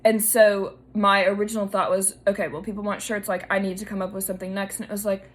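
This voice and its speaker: A woman's voice: mid-range voice, little pitch movement, fairly quick, few pauses. Chatty emotional young woman podcaster. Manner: chatty, emotional, lots of fillers. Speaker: podcast host. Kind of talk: casual solo podcast.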